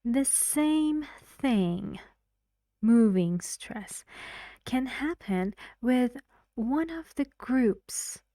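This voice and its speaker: A woman teaching English pronunciation, taking her time over every word. Her tone is soft and mellow, and she explains patiently while quizzing her students. The recording is dry and close. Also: fairly high pitch, animated, very slow, no room sound. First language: Persian. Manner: patient, explains step by step and asks learners questions. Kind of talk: online pronunciation lesson.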